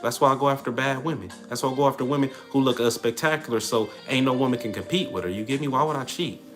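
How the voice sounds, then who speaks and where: A man's voice: mid-range voice, quick pace, soft background music. A man hosting a livestream, giving blunt relationship advice in casual chat while answering viewers. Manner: blunt, streetwise, animated preaching to chat. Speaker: livestream host.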